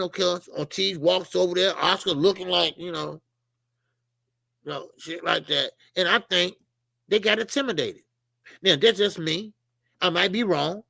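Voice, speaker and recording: Male boxing stream host: high, gravelly, bright-edged voice, blunt and profane, rambling, dry close sound. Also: dry recording. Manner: blunt, profane, rambling, talks to viewers in chat. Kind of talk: casual live-stream commentary.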